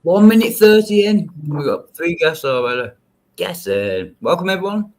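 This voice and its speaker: Laughing, animated man hosting a livestream. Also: fairly high pitch, moderate pace. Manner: laughs often, loose and crude banter. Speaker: livestream panel host. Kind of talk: casual chat.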